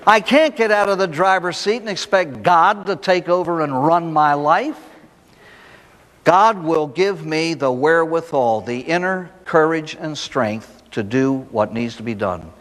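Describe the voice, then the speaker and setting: Man, priest, recovery talk, fairly high voice, folksy storyteller, rhetorical questions, echoey hall recording. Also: measured pace, a bit bright. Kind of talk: recovery talk to a live audience.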